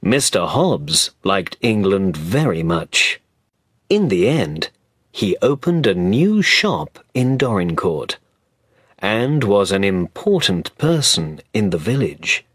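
A man narrating a storybook slowly and clearly, as if for language learners. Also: sits low, big pitch swings, fairly bright tone, no echo, clean studio sound. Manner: slow, clear reading for learners. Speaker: audiobook narrator.

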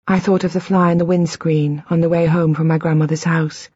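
A woman narrating a novel in the first person, with a measured, intimate reading. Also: sits low, flat delivery, mellow, breathy edge, no room sound, highs cut off. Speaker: audiobook narrator.

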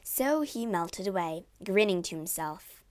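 A woman reads a storybook retelling aloud in a measured, even way. Her pace is slow and unhurried, and her pitch sits in a middle range. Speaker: narrator. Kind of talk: storybook reading.

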